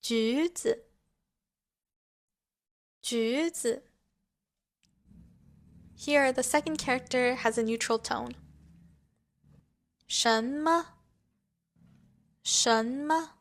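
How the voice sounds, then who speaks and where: A woman teaching a language lesson, speaking in a slow, scripted way and carefully modeling each example word. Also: high voice, fairly bright tone.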